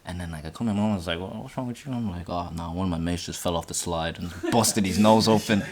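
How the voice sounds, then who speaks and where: Young dude on a podcast, talks quick and excitable, swears a lot, voice shoots up when he quotes himself. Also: crowd noise. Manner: swearing, animated retelling, voice jumps high in quoted outbursts. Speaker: podcast host. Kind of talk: casual storytelling chat.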